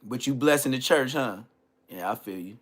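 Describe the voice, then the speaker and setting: A man in a middle register rants through a comedic roast on his podcast. He talks in heavy slang and mocks his targets with open contempt. His voice jumps from loud, indignant outbursts to low, dismissive mutters. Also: expressive, moderate pace. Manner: trash-talking, heavy slang, mocking. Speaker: podcast host.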